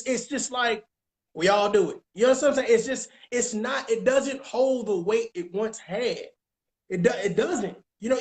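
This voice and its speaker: Emphatic man giving relationship advice. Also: high voice. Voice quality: emphatic, repeats phrases, keeps asking if you understand. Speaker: relationship coach host. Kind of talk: casual advice talk.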